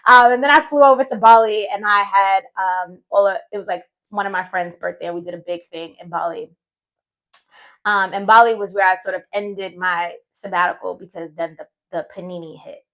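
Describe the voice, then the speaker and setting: A woman's voice: mid-range voice, fairly even intonation, normal speed, a bit bright, dull audio. A woman in her thirties, a vlogger and retreat host, telling her own story in a chatty, heartfelt way and sometimes voicing her own past thoughts. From United States. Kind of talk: casual personal storytelling vlog.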